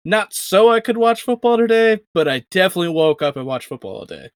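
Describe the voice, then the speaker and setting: A man's voice: high voice, animated, quick pace, smooth. A tired man in his twenties co-hosting a casual sports podcast, joking wryly and laughing often. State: tired from little sleep. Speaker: podcast co-host.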